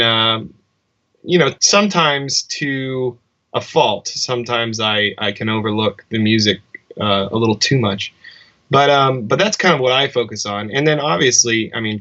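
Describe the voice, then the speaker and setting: Male musician guest, bright tone, muffled lo-fi sound. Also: lowish voice. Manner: reflective, rambling with restarts. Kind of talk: casual interview chat.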